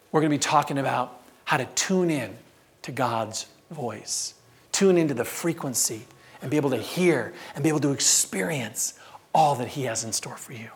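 A male pastor delivering a sermon to his congregation. He builds his points through rhetorical questions and drawn-out, emphatic phrases. His pitch sits at an ordinary middle level for a man. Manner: emphatic preaching with rhetorical questions, slowing down for stress.

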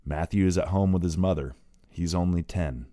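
A booming, gravelly old father, as a deep-voiced man puts him on, calling out to his sons with strained authority. The voice sits very low, recorded dry and close for an audiobook. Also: moderate pace, no room sound, close to an everyday voice. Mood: subdued. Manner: pleading yet commanding, shouts to his sons.

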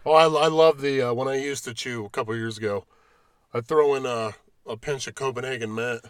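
A young man on a podcast, telling jokes in a casual, animated way. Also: mid-range voice, brisk, clear, resonant tone, no echo, studio quality. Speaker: podcast guest. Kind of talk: casual chat.

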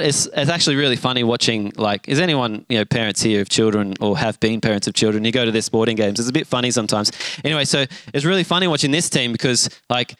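A middle-aged man, preaching a sermon and acting out a lively story. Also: mid-range voice, clear, resonant tone, no room sound. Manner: animated storyteller, acts out voices with shouts and gasps. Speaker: pastor.

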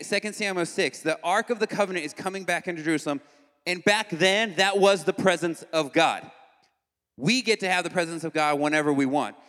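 A young man giving a casual, animated youth sermon as a worship leader, conversational and full of slangy asides. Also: high voice. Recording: long hall reverb.

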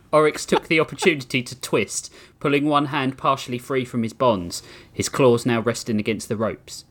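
A man hosting a podcast, reading a story aloud to his co-hosts in an animated way. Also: mid-range voice, normal speed. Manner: animated, laughs mid-read. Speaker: podcast host and story reader.

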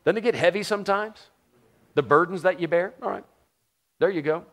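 A man's voice: sits high, a little fast. A middle-aged man from the United States preaching a sermon in a conversational, joking way, often putting questions to the congregation. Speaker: pastor.

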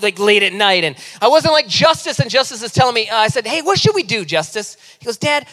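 Impassioned preacher man in a reverberant hall. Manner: impassioned, swings between loud urgent pleading and low intimate asides. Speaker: pastor. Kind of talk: sermon.

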